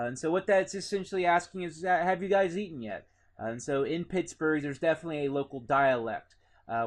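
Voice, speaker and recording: Guy from w/ doing a class lecture, kinda high voice, says uh a lot, laid back. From Indiana. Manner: relaxed, lots of "uh" fillers, conversational. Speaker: teacher.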